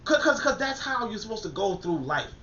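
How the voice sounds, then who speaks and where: A man's voice: high voice, very animated, fairly quick, pushed and bright, slight background noise. A man hosting a podcast in casual motivational talk, emphatic and repetitive, full of fillers and restarts. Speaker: podcast host. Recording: dull lo-fi recording.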